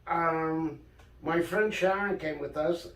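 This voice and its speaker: Older New man, high voice, animated storyteller, off-mic in an echoey room. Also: takes it slowly, distant mic. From Brooklyn, New York. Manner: animated storyteller, acts out quoted dialogue. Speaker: guest author. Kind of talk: casual storytelling interview.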